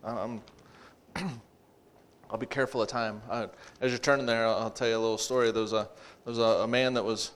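A man preaching a sermon, emphatic, repeating phrases and pushing his voice louder to drive points home. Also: mid-range voice, steady tone, brisk, long pauses.

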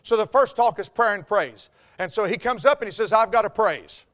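With a high, brisk, fairly bright voice, a middle-aged man from North Carolina's mountains delivers a sermon as a pastor. He speaks with an Appalachian Southern US accent and tells his stories exuberantly.

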